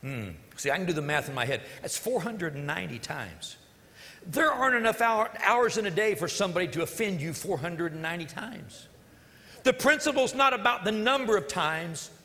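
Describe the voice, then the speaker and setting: Guy preaching, high bright voice, echoey church hall, jokes around as he tells the story. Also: normal speed. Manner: animated storytelling with joking asides. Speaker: pastor. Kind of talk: sermon.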